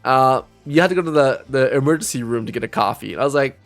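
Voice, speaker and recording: A man's voice: medium pitch, quick pace, vocal fry, hardly any pauses, soft background music. A young man casually telling a story on a live stream, rambling, restarting his sentences and laughing often.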